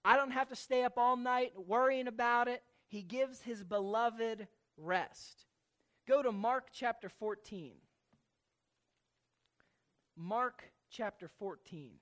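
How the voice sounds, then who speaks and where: Slow-talking preacher going verse by verse, repeats words a lot, asks the congregation questions. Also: medium pitch. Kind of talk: sermon teaching from scripture.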